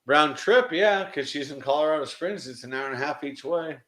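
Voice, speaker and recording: A man's voice: a little high, fairly quick. A man, a librarian, chatting casually on a podcast, rambling through stories and acting out what others said. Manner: rambling storyteller, quotes others in a lively voice. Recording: roomy echo.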